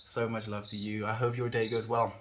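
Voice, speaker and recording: A man's voice: fairly low pitch, flat delivery, a little fast, noisy background. A young man streaming live, chatting casually with viewers, easygoing and affectionate, laughing often. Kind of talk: casual livestream chat reading viewer comments.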